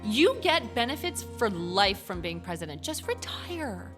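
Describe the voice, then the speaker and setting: A woman's voice: mid-range voice, very animated, normal speed. A woman in her twenties from the United States hosting a let's-play, chatting in a giggly, rambling way. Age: 20s. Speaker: gaming channel host. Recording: voice over game music.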